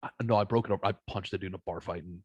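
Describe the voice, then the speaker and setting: A man's voice: low voice, steady tone, racing, breathy edge, no room sound, highs cut off. Blunt, profane man telling stories. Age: 30s. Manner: blunt, profane, acts out both sides of stories. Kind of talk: casual podcast storytelling.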